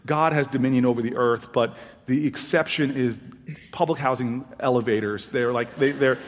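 Male storyteller, mid-pitched, animated and expressive with acted-out dialogue; reverberant hall sound. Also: normal speed, slight background noise. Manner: animated, acts out quoted dialogue with big pitch jumps. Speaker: storyteller on stage. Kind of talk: personal storytelling talk.

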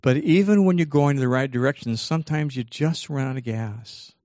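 A man giving an animated motivational seminar, acting out voices from his own inner dialogue. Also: mid-range voice, a little fast, no echo, clean studio sound. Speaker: motivational speaker. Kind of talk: seminar talk.

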